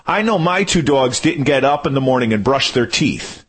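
A man's voice: mid-range voice, moderate pace, hardly any pauses, breathy edge. A man doing a jokey radio monologue, ranting in mock disbelief. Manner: animated, incredulous, jokey ranting. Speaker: radio show regular segment host. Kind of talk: comic monologue.

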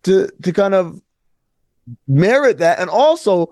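Animated man in sarcastic sports chat. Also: sits high, a little slow, dry recording, studio quality. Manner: animated, sarcastic, acts out quotes in mock voices. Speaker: podcast co-host. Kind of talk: casual sports talk.

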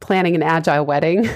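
A woman's voice: lowish voice, a little mellow, dry recording, studio quality. A woman hosting a podcast in casual chat, bubbly and laughing often. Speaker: podcast host.

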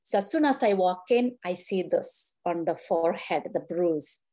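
A woman's voice: lowish voice, lively intonation, normal speed, warm tone. A middle-aged woman, a grieving mother in an interview, earnestly recounting events and quoting what people said to her. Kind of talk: emotional personal account.

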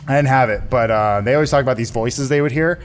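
A man speaking in character at a tabletop game, halting and conspiratorial with frequent stammers. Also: medium pitch, a little hiss or hum. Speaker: player. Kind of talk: in-character tabletop role-play.

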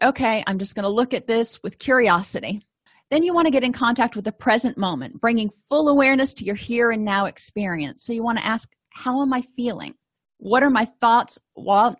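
A woman's voice: medium pitch, no room sound. A woman counselor giving a conversational lecture, explaining ideas with everyday examples. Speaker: counselor and educator. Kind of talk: lecture-style teaching.

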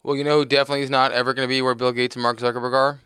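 Rapid-fire, bright-voiced man bantering. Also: mid-range voice, little pitch movement, clean tone, no echo, studio quality. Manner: quick, joking banter. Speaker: regular podcast guest. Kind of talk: casual podcast chat.

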